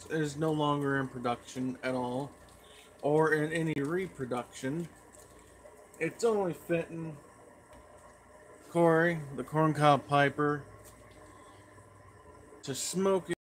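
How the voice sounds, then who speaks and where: A man's voice: fairly high pitch, slight background noise. A man chatting in a folksy, rambling way as a pipe tobacco vlogger. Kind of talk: casual rambling vlog.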